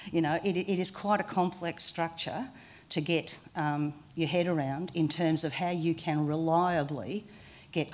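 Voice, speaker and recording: A woman's voice: sits low, darkish tone. A woman giving a seminar talk in an informal manner, with frequent hesitations. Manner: informal, hesitant fillers, self-deprecating. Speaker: guest speaker. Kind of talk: presentation to a seminar. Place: meeting room.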